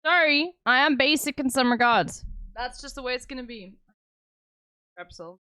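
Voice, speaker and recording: High, smooth South African woman. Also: lively intonation, moderate pace, sharp tone, no echo. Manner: blunt, sarcastic, swears often. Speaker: livestreamer. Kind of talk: casual chat with stream viewers.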